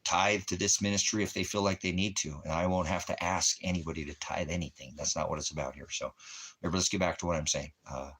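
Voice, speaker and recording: A man's voice: low-pitched, steady tone, fast, a bit bright, breathy edge. A man hosting a casual livestream, rambling profanely and talking straight to his chat viewers. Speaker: livestream host. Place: Christmas Valley area, rural.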